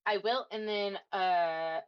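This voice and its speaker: A woman's voice: medium pitch, slow pace. A woman playing a tabletop game, reading out a spell hesitantly with many fillers. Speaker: player. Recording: dull lo-fi mic.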